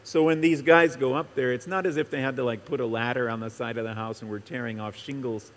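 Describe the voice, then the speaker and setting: A man explains scripture in an unhurried, conversational sermon, often trailing off and restarting his thoughts. His voice sits in an ordinary middle range. The recording carries a long reverb from a large hall. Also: medium pitch, fairly even intonation. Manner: casual, rambling, many fillers and restarts. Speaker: pastor or Bible teacher.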